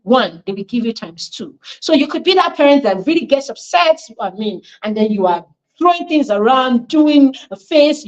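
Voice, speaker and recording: A woman's voice: on the high side, lo-fi sound. A woman giving an online parenting class as the coach, talking emphatically, repeating her points and putting questions to the parents listening.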